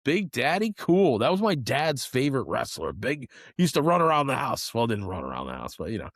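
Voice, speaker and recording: A middle-aged man co-hosting a podcast, telling stories in an animated way and often saying "man" and "dude". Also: mid-range voice, a little fast, no room sound, clean studio sound. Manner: animated storyteller, swears, says "man" and "dude" a lot. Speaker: podcast co-host. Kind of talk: casual chat.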